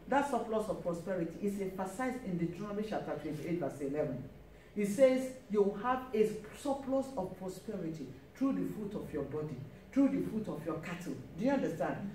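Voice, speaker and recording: A woman's voice: mid-range voice, mellow. Emphatic woman preacher in echoey church. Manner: emphatic, repeats key phrases, frequent calls of praise. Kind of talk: sermon. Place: church hall. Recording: echoey church, mic at a distance, faint hiss.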